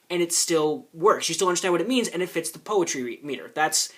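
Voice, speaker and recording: A man's voice: a little high, fairly quick, hardly any pauses, fairly bright tone. A man giving argumentative commentary in reply to a clip, explaining at length with frequent restarts and the odd curse.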